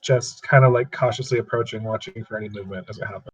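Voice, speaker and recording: A man's voice: on the low side, steady tone, fast talker, breathy edge, no echo, rough recording. A man playing a tabletop game, animatedly describing what his character does. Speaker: player. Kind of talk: casual tabletop role-play.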